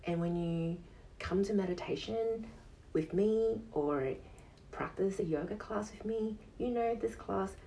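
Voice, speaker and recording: A male yoga teacher hosting his own podcast, giving an earnest motivational monologue in a high, soft, soothing voice and repeating phrases for emphasis. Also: unhurried, gravelly, distant mic, slight background noise, rough recording. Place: casual home podcast setup.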